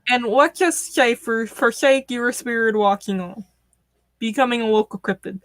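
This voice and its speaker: A woman's voice: on the high side, normal speed, no echo. A woman as a stream guest, chatting casually and telling morbid stories with dry humor. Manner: storytelling, morbid deadpan humor.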